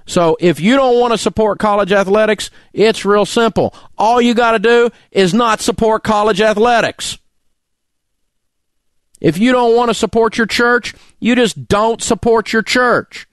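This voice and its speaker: A man's voice: high voice, a little slow, smooth, no room sound, studio quality. A middle-aged man, hosting a talk radio show and delivering an angry, indignant rant full of name-calling. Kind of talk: ranting talk radio monologue.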